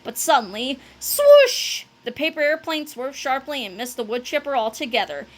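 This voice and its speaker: A woman reading a children's book aloud, telling the story with animated delivery and dramatic sound words. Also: high-pitched, fairly quick. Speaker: narrator.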